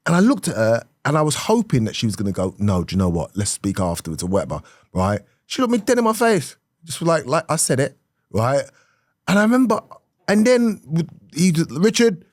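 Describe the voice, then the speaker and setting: A middle-aged man, a comedian telling an animated story in conversation, swinging from hushed to loud and laughing often. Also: medium pitch, dry recording, clean studio sound. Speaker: comedian guest.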